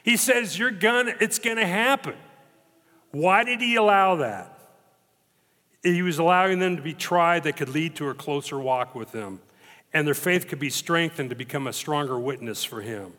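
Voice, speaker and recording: A man preaching a sermon as pastor, emphatic and dramatic, slowing down to stress repeated phrases. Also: on the high side, animated, bright, forceful tone. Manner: emphatic, dramatic retelling with slow stressed repetitions. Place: church sanctuary. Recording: long reverb of a church hall.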